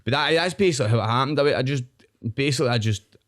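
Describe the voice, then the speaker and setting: A man's voice: medium pitch, rapid-fire, a bit bright. A young Scottish man, a podcast guest, rambling in casual chat and often tagging his sentences with "know what I mean".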